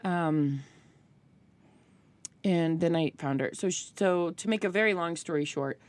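A woman's voice: lowish voice, a little slow, no echo. A woman in her thirties telling a story in casual chat, acting out the voices of the people in it. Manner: animated storyteller, acts out voices of others.

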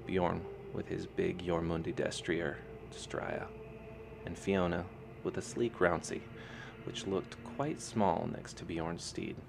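Deep, gravelly male audiobook narrator. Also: background noise. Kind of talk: audiobook reading of a fantasy novel.

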